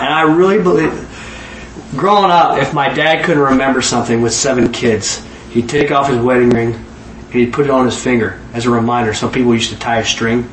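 A man preaching a sermon in an animated way, acting out dialogue in voices and laughing often. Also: on the high side, moderate pace, a little hiss or hum. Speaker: pastor. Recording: echoey room with faint ambience.

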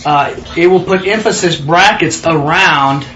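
A man leading a Bible study, excitable and emphatic, prompting his listeners to answer and repeat after him. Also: on the high side, a little slow, reverberant, muffled recording, slight background noise. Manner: excitable, emphatic, calls for responses.

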